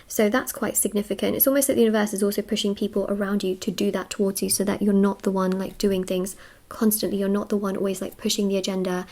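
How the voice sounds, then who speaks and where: A woman giving a casual tarot reading to her viewers, talking fast, slightly out of breath, gushing and reassuring with many fillers. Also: mid-range voice, little pitch movement, darkish tone. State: short of breath. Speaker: tarot reader. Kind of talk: casual spiritual reading to camera.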